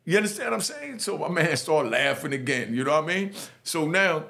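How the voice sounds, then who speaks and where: A man's voice: very animated, brisk, vocal fry. A middle-aged man from New York with a Jamaican New York accent, telling his prison stories in street slang with many "you know what I mean" asides. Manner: acts out other voices, dropping low and soft for them. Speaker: storyteller recounting prison life. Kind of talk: casual spoken storytelling.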